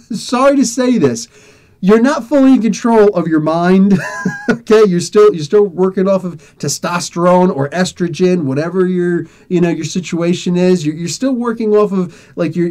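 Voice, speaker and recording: A man hosting a podcast tells a personal story in a loose, casual way. His voice is mellow and warm, and his pitch rises and falls in lively swings. He acts out each exchange and laughs often as he talks. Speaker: podcast host.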